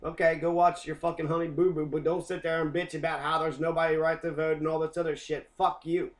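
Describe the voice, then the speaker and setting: A man's voice: fairly high pitch, flat delivery, brisk. Angry swearing man lecturing on history. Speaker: teacher. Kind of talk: profane ranting lesson.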